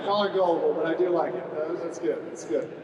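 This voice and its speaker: A man's voice: fairly high pitch, steady tone, quick pace, noisy background. Joking man commanding a ceremony. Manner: joking, chatty, with frequent "uh" fillers and audience banter. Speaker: squadron commander presiding at a retirement ceremony. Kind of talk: humorous ceremony speech. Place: large hall. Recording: echoey hall from a distance.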